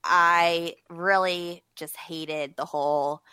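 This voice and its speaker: A woman's voice: lowish voice, fairly even intonation, slow pace, bright, forceful tone, clean tone, no echo. A woman co-hosting a podcast, chatting casually with stammering restarts and frank opinions. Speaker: podcast co-host. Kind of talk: casual chat recapping a reality show.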